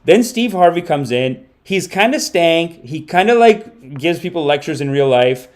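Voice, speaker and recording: A man hosting a casual comedy podcast stream, rambling and animated, with the odd curse. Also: a little high, a little slow. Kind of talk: casual livestream commentary.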